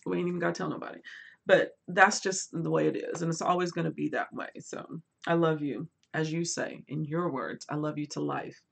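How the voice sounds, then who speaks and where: A woman hosting a casual book livestream, chatting animatedly and reading viewer comments aloud, swinging between lively bursts and quiet asides. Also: low-pitched, fairly quick, creaky, slightly rough. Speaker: booktube host.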